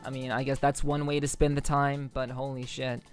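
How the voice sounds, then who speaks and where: A woman streamer from the New York City area chats casually with her viewers, rambling, swearing, saying um a lot and breaking into laughter. Her bass voice is clear and resonant, delivered flatly at a moderate pace. Soft music plays in the background.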